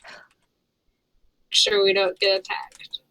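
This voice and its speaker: Slow, giggly woman player. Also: mid-range voice, monotone, noisy background. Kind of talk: casual play, speaking in character.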